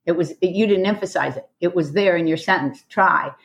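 A woman who teaches karate, hosting a casual group conversation on a podcast, enthusiastic and quick to laugh. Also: fairly low pitch, creaky. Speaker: karate instructor and podcast host.

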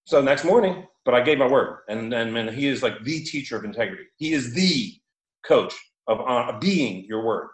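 A man tells a story in a casual, animated way, laughing now and then and leaning heavily on fillers. His voice is middle-pitched, delivered at normal speed, with a roomy echo around him.

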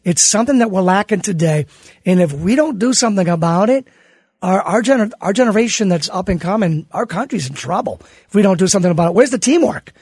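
A middle-aged American man, a teacher and author, talking as a radio interview guest in an animated, emphatic way and often restarting his words. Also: high voice, fast talker, breathy edge, no room sound, clean studio sound. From United States.

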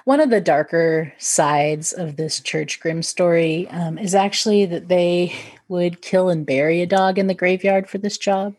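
A woman with a slightly low voice chats through folklore on a podcast. She is talkative and self-deprecating and laughs often. The sound is close and dry. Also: unhurried, darkish tone, no room sound. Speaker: podcast co-host. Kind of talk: casual chat about folklore.

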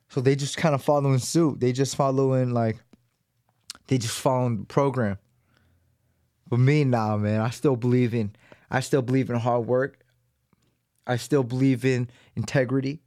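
A man's voice: mid-range voice, a little mellow, no echo, clean studio sound. A man in his thirties hosting a solo podcast, talking loosely and profanely, with many fillers and restarts. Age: 30s. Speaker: podcast host.

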